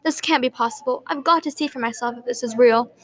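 A woman's voice: on the high side, fast, lightly acted. A woman voicing a timid, curious young girl who speaks shakily and hesitantly, in a storybook reading. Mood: jittery. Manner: shaky, hesitant.

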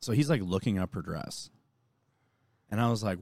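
Young man, low voice, dry close sound, animated storytelling, casual podcast chat. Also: normal speed, no room sound. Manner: animated storytelling, lots of swearing and quoting others. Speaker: podcast co-host.

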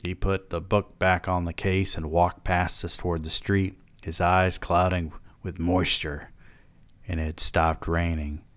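Deep-voiced man reading aloud deadpan. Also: a little slow, no room sound. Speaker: podcast host reading a novel aloud. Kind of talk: audiobook-style reading.

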